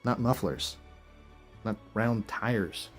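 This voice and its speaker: A man's voice: on the low side, animated, slow pace, faint music behind. A man hosting a video, reading verses aloud and reacting with incredulous, chuckling rhetorical questions in casual commentary. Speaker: video host.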